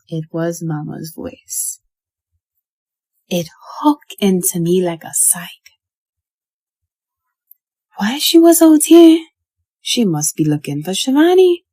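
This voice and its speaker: A woman narrates a horror tale in the voice of a haunted child. Her delivery is unhurried and her tone mellow and dark. The recording is dry and close. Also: on the low side, no echo. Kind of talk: scripted horror story narration.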